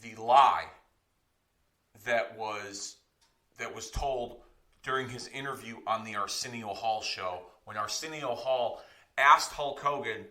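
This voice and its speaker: A man's voice: mid-range voice, takes it slowly, pushed and bright. A man co-hosting a wrestling podcast, explaining in a rambling, profane, self-correcting way. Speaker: podcast co-host. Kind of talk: casual podcast commentary.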